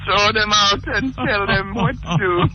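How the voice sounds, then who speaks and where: A woman from Jamaica with a Jamaican accent, calling in to a radio show and chatting, indignant and quick to laugh. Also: mid-range voice, a little hiss or hum. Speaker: caller. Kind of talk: call-in radio chat. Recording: dull lo-fi phone call on radio.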